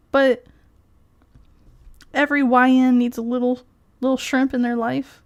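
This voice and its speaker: A woman's voice: high voice, level tone, measured pace, pauses often. A woman streamer in casual live-stream commentary, rambling and profane, laughing often as she talks.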